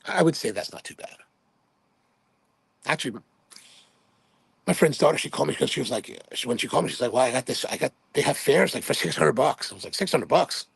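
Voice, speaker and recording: A man's voice: mid-range voice, lively intonation, a little fast, gravelly, long pauses, husky, no room sound. A man in his fifties from Hawaii, hosting a livestream and telling rambling, chatty anecdotes in which he quotes himself playfully. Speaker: livestream host. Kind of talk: casual livestream storytelling.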